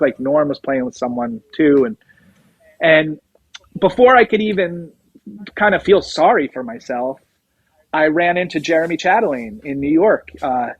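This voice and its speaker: Middle-aged male guest, rambling storyteller, slightly high voice, dry close mic. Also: no echo, poor audio. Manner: rambling anecdotes, acts out quoted dialogue. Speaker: guest musician, drummer. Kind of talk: casual storytelling interview.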